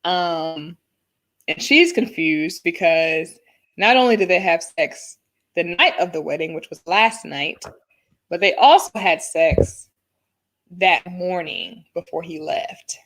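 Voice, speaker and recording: A woman co-hosting a casual reality TV recap, chatty and quick to laugh. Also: lowish voice, fairly bright tone. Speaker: podcast co-host.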